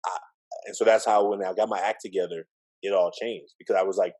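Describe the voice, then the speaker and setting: Animated middle-aged male storyteller. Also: sits low, fairly quick, husky, poor audio. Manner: animated storyteller acting out quoted voices. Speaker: interview guest, educator. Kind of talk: storytelling in conversation.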